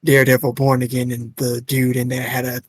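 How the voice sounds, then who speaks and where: A relaxed man chatting on a livestream with a husky, breathy voice. The close mic gives a dry sound with no room. He is self-deprecating and easygoing. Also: mid-range voice, fairly quick, no room sound. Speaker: streamer. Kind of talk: casual chat.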